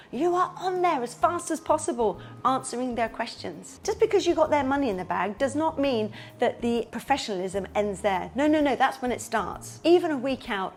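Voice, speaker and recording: Lively woman giving business tips. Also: a little high, a little hiss or hum. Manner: lively, switches into comic voices. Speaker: kids party entertainer and business coach. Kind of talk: casual advice talk with acted phone calls.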